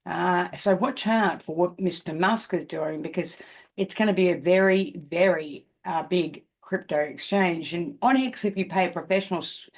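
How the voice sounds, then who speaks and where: Speaking at normal speed in a lowish voice, this older Australian woman chats casually to camera about markets. The crypto commentator is emphatic, frequently asking "okay?" to check in.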